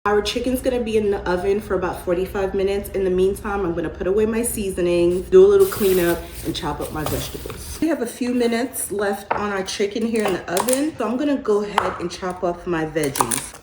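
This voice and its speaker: A woman's voice: medium pitch, brisk, few pauses. Chatty woman cooking in echoey kitchen. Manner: chatty, homey, laughs often, says "y'all" and "child". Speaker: cooking vlogger. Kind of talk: casual cooking tutorial. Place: home kitchen. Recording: roomy kitchen echo, clear background noise.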